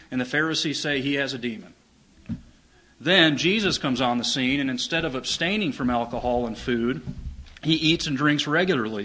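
A man's voice: fairly high pitch, bright, forceful tone, poor audio. A man preaching a sermon, reading scripture aloud and explaining it in an earnest, emphatic way. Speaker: pastor.

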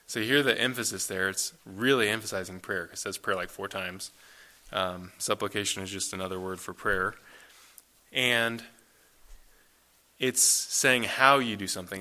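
A young man giving a sermon as a pastor, in a relaxed conversational way with many fillers. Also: on the low side, normal speed. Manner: casual conversational preaching with fillers.

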